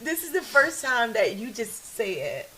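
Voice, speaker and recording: A woman's voice: on the high side, big pitch swings, a little slow, pushed and bright, rough recording. A young adult woman co-hosting a podcast, chatting with her best friend, emotional and tearful, laughing and apologizing. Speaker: podcast co-host. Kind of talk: casual chat between best friends.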